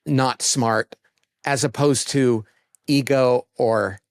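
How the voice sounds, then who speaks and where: A man speaking as an interview guest, expressive and often acting out the voices of the people he quotes. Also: medium pitch, slow, no echo, clean studio sound. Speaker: guest author. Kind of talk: casual interview chat.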